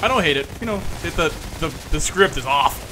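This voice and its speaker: Animated man chatting over loud gunfire. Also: on the high side, fast talker. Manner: laughs often, stammers and restarts. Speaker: gaming co-host. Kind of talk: casual chat while playing a game. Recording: loud gunfire and game noise behind. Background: game gunfire and ambience.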